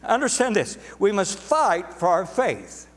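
A man's voice: sits high, sing-song, a little slow, in a large hall. A man preaching a sermon to a congregation, emphatic and repetitive, drawing words out for stress. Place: church sanctuary.

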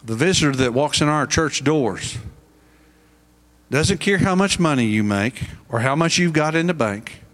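A man's voice: fairly high pitch, animated, moderate pace, a bit bright. A middle-aged male pastor preaching a sermon, pressing his points with rising, emphatic questions.

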